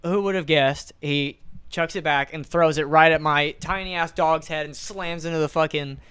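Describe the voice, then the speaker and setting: Young male podcast co-host, animated casual storyteller, clean dry close-mic sound. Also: on the high side, moderate pace, clean tone, no room sound. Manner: animated storyteller, acts out quotes, swears casually. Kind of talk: casual chat.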